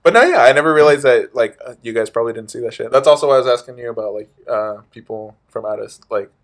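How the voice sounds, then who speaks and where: A man's voice: medium pitch, lively intonation, quick pace. A young man co-hosting a podcast, chatting casually with friends in a rambling way full of "like", laughing often. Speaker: podcast co-host. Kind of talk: casual chat among friends.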